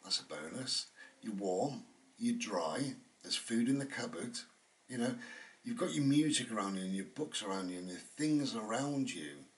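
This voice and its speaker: A man's voice: lowish voice, expressive, moderate pace, recorded from a distance. A man, hosting his own channel and talking at home in a meandering, chatty monologue full of fillers. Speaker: channel host. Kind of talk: rambling reflective monologue. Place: indoors at home.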